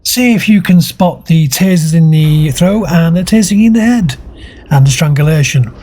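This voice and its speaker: A man's voice: on the high side, dark tone. A man doing mocking, sarcastic commentary over video clips. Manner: mocking, sarcastic, drawn-out delivery. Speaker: commentary channel host.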